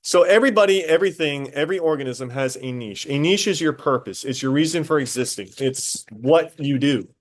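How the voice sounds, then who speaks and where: A man teaching a high school biology class, casual and talkative, stopping to quiz students directly. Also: brisk, hardly any pauses. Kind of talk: classroom lecture.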